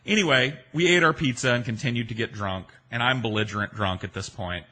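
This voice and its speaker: A man's voice: medium pitch, brisk, pushed and bright. A man telling a personal anecdote in a loose, rambling, profane and self-mocking way. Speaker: storyteller. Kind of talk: casual personal storytelling.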